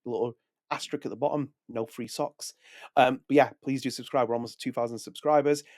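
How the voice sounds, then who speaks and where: A man's voice: mid-range voice, steady tone, fast, a little mellow, dry recording, clean studio sound. A man hosting a podcast, talking casually, correcting himself and reading press text aloud. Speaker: podcast host.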